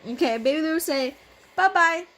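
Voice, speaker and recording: A woman's voice: sits high, lively intonation, moderate pace, a bit bright, a little hiss or hum. A woman whose first language is Vietnamese, a mother playing a bedtime game with her toddler, coaxing, playful and laughing often as she switches between two languages at home.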